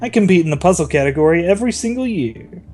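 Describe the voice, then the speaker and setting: A man's voice: high voice, lively intonation, fast, warm tone, faint music behind, voice pushed up. A man voicing a boastful young male puzzle champion who teases his rival. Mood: cocky. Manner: boastful, teasing.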